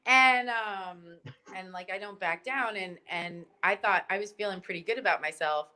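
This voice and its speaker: Bright, animated woman telling stories. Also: mid-range voice, normal speed. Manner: animated, rambling, many likes and ums. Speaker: guest. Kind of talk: casual storytelling chat.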